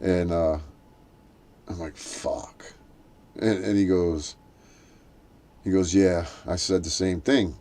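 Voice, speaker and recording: A man's voice: fairly even intonation, measured pace, long pauses, dark tone. A man in casual chat, telling a rambling story with many restarts and acting out quoted voices. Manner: acts out quoted voices in a raised pitch.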